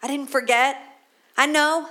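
A woman's voice: high-pitched, fairly even intonation, measured pace, pushed and bright. A woman pastor giving a conversational sermon, often restarting her sentences. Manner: conversational preaching with repeated restarts.

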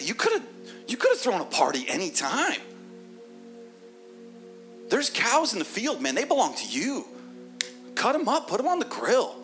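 A man preaching in a church voices a loving, generous father, lifting his voice higher to play him. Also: exaggerated voice. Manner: exuberant, then gentle and tender.

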